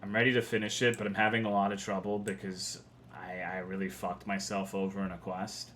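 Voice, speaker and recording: A man's voice: low-pitched, level tone, fairly quick, fairly bright tone, a little hiss or hum. Profane young man streaming a game. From Texas. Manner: profane, rambling, frustrated. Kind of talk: casual livestream commentary.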